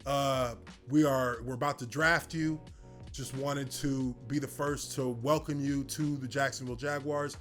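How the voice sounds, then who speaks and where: A man in his thirties telling a personal story in casual talk, relaxed and rambling with lots of fillers. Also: mid-range voice, measured pace, soft background music. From United States. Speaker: former football player telling his story.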